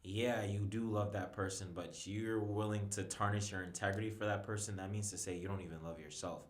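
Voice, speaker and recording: A man's voice: lowish voice, fairly even intonation, a little fast, echoey room. A man talking as a guest on a casual podcast, earnest and emphatic about self-respect. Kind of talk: casual chat.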